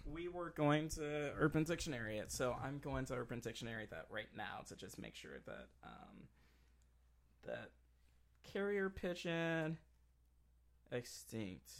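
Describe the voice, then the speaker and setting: A man's voice: medium pitch, very animated, measured pace, gravelly. A man hosting a podcast in casual chat, joking and rambling with lots of trailing fillers. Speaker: podcast host.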